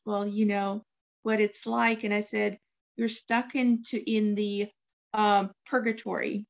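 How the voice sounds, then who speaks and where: A woman's voice: mid-range voice, lo-fi sound. A woman born and raised in Russia, hosting an interview and responding with emotion to her guest's story. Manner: warm, emotional, affirming listener. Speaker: host. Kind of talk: interview conversation.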